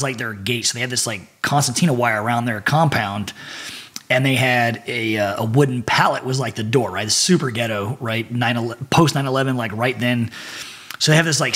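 A husky-voiced man in his forties, his pitch sitting right in the middle for a man. He tells a rowdy story in a loose, profane, animated way, breaking into laughter as he talks. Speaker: podcast guest. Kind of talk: casual storytelling.

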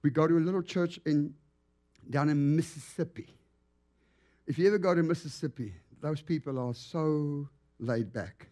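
A man preaching in a church as a guest evangelist, telling stories with lively, acted-out animation. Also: fairly high pitch, normal speed. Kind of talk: storytelling sermon. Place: church sanctuary.

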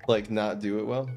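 A man's voice: fairly low pitch, darkish tone. A man streaming live, chatting casually and thinking aloud as he plays a card game. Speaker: gaming streamer.

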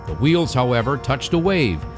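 A male documentary narrator reads a polished script, his pitch rising and falling with lively movement at a middling register. The delivery is measured and story-driven, with soft music underneath.

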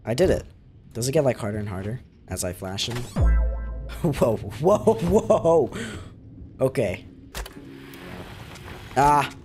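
A man reacting out loud as he plays a horror game, jumpy and foul-mouthed, talking back to the game. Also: mid-range voice, lively intonation, slow pace, pauses often, soft background music. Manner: jumpy, swears a lot, talks back to the game. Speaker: gaming video creator. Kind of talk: live reactions while playing a horror game.

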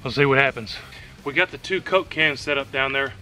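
Bright-voiced man narrating at a shooting range. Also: medium pitch, a little fast, faint music behind. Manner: relaxed running commentary between shots. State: out of breath at times. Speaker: host of a shooting channel. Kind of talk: casual outdoor shooting vlog.

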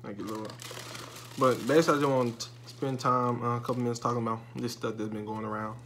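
A man's voice: mid-range voice, flat delivery, fast talker, background noise. Hyped young guy on a food vlog. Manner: loose, chatty slang, hyped. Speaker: YouTuber doing a food review. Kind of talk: casual mukbang vlog.

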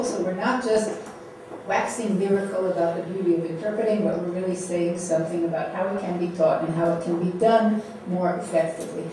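A middle-aged woman giving a keynote academic lecture, measured and posing rhetorical questions to the audience. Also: on the low side, dark tone, a little hiss or hum. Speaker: keynote speaker. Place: lecture hall. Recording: echoey hall, distant mic.

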